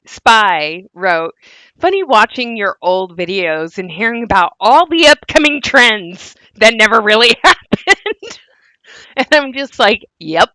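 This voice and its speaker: Woman, sarcastic commentary host, slow delivery, bright tone. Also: fairly high pitch, no echo. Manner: sarcastic, laughing, coughing. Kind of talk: casual commentary.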